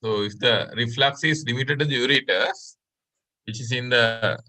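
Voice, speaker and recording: A man's voice: medium pitch, moderate pace, bright, forceful tone. A Sri Lankan man teaching a medical class online, explaining step by step and often checking in with "right?". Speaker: medical lecturer.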